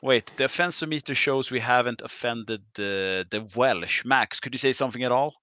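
A man hosting a podcast in casual chat, joking and quick to tease his guests. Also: medium pitch, pushed and bright, dry recording. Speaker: podcast host.

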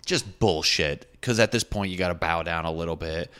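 A man's voice: low voice, normal speed, fairly bright tone, clear, resonant tone. A young man, a stand-up comedian, casually telling a rambling, profane story and often correcting himself.

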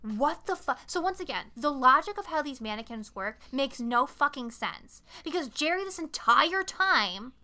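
A young woman hosts a casual podcast, retelling a film scene by scene with animated, profane energy. Her voice is bright and sits a little high. She throws in acted-out bits of dialogue as she goes. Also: normal speed, hardly any pauses. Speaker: podcast co-host. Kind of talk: casual movie recap chat.

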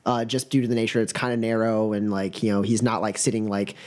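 A man's voice: lowish voice, fairly even intonation, fast, darkish tone. Casting: laid-back male game master narrating scenes, lots of fillers. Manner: casual, filler-heavy narration.

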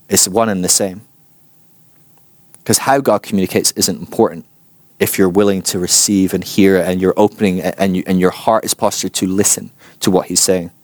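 A man giving an informal church teaching, chatty and animated, acting out voices in his stories. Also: fairly low pitch, moderate pace, no room sound. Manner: chatty, animated, acts out quotes.

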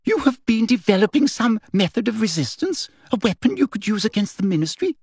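A woman's voice: fairly high pitch, big pitch swings, a little fast, a little mellow, breathy edge, no echo, clean studio sound, pitched above the performer's own voice, exaggerated voice. A woman reading aloud and voicing a sugary, grasping female official who questions a student harshly and eagerly. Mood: eager, demanding. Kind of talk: dramatic reading.

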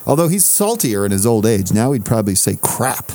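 Man, podcast co-host, playful, jokey, lively pitch. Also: slight background noise. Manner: playful, jokey, quick to riff. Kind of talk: casual chat.

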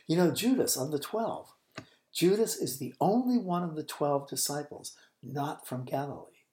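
A man hosting a Bible teaching podcast, explaining scripture in an unhurried, thoughtful way and dropping to a whisper for quoted lines. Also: a little high, dark tone, echoey room.

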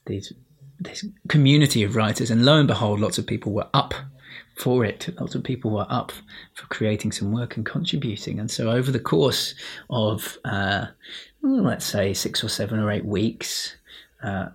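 A man's voice: fairly low pitch, expressive, moderate pace, breathy edge. A man hosting a podcast alone into his laptop at home, rambling and self-mocking with frequent restarts. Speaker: podcast host. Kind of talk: solo casual monologue to listeners.

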